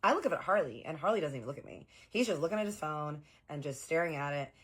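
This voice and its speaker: Young woman, low voice, telling a wild story, lots of slang. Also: expressive, fast talker, husky. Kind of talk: storytime vlog.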